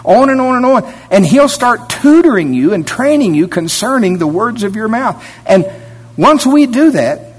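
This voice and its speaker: A man's voice: very animated, moderate pace, breathy edge. A man preaching a sermon and leading prayer in a folksy, conversational way. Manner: folksy, jumps to a high whiny voice when mimicking complaints.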